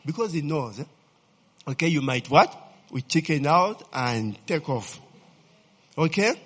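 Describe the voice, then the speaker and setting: A man's voice: a little high, measured pace. A male pastor preaching a sermon, calling out questions to the congregation and tagging lines with "eh?". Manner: animated, asks the congregation to fill in words, frequent "eh?" tags. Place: church hall. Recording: long reverb of a church hall.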